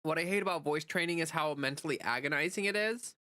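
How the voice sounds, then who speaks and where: A woman's voice: deep voice, fast talker, sharp tone, a little hiss or hum. A woman streamer in casual live chat, answering chat messages in a chatty way with lots of "like" fillers.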